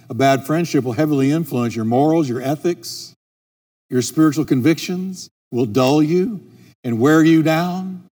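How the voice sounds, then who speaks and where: A middle-aged man preaching a sermon as a pastor, driving his points home by repeating key phrases. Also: on the high side. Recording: long reverb with soft music.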